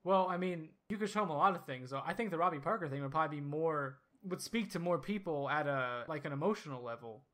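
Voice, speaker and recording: Man, podcast host, casual chat, slightly higher voice, easygoing, agreeable. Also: expressive, a bit bright. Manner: easygoing, agreeable, quick to laugh along.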